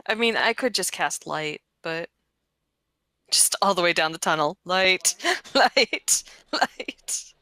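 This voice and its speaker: A woman player in a tabletop game talks casually and slowly, with wry asides. Her voice sits a little low but sounds bright. The recording is dry.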